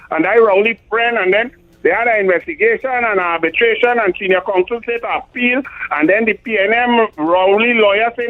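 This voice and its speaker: A middle-aged man with a Trinidadian accent hosts a talk radio show, giving emphatic political commentary in a high-pitched, brisk voice and often stumbling over numbers. The sound is tinny and phone-like, as radio often is.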